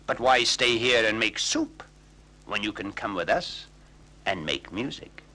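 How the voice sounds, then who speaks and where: A kindly old donkey talks in a friendly, bouncy voice that swings up and down. He's cheerful and encouraging, a bright storybook character. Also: fairly low pitch, animated, measured pace, exaggerated voice.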